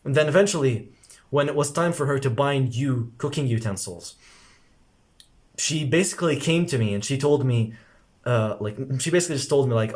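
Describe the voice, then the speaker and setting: A man's voice: medium pitch, normal speed, darkish tone. A young man talking casually to camera as a self-improvement coach, rambling with constant filler words and frequent swearing. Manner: rambling, heavy filler words, swears freely, says "bro".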